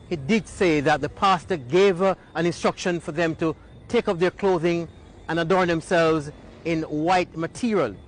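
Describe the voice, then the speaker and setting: A male news reporter giving a scripted report in a measured, formal way. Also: a little high.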